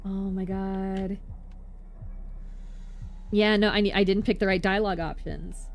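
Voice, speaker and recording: A woman streaming herself playing a game, commenting casually, reacting loudly and swearing freely. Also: mid-range voice, fairly even intonation, measured pace, a little hiss or hum. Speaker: vtuber streamer.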